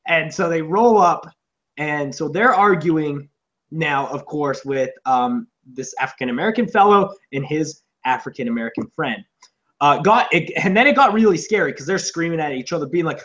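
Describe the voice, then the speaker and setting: A man co-hosting a podcast, chatting casually in a rambling, profane way and acting out loud shouted quotes. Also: fairly high pitch, expressive, moderate pace, highs cut off. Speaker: podcast co-host. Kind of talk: casual comedic chat. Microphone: on camera, seated.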